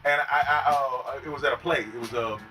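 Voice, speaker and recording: A young man guesting on a casual podcast, telling stories in an animated, profane way and acting out other people's voices. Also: medium pitch, quick pace, faint music behind. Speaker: guest and concert host. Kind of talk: casual podcast chat, storytelling.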